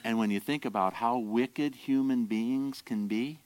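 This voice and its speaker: A man preaching a sermon as pastor, explaining scripture verse by verse in an emphatic, animated way. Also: mid-range voice, unhurried, dry recording.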